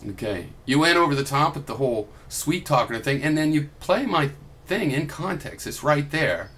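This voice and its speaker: A young man with a slightly high, bright, forward voice delivers a combative vlog rant. He swears freely and drips sarcasm, arguing fast and hard into a desk mic. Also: animated. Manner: combative, profane, sarcastic ranting. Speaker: video blogger. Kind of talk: heated reply vlog.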